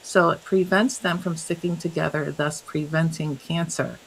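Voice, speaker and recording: A woman guest, a health coach, telling stories in an interview, animated and laughing often as she acts out what others said. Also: low voice, moderate pace, vocal fry, poor audio. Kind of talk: storytelling in an interview.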